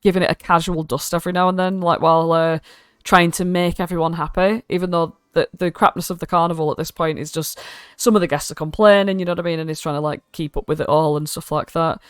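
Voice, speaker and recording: A woman with a British accent, narrating as dungeon master, casual and sweary, doing quick voices for the characters. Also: lowish voice, fairly even intonation, clear, resonant tone, no room sound, clean studio sound. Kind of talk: narrating a tabletop game.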